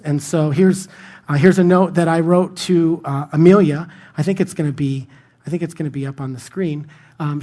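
A man preaching a sermon in a conversational, self-deprecating storytelling manner. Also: on the high side. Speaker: pastor.

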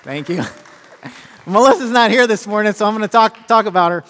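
Guy pastor preaching, chatty and joking about himself, bit high voice, echoey church hall. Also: lively intonation, brisk, fairly bright tone. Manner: conversational, self-deprecating, many fillers. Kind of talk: sermon. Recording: long reverb of a church hall.

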